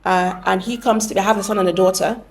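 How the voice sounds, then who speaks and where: A woman's voice: medium pitch, fairly even intonation, fast talker. A young woman hosting a podcast, explaining things earnestly and often correcting herself mid-sentence. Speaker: podcast host. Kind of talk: reflective podcast talk.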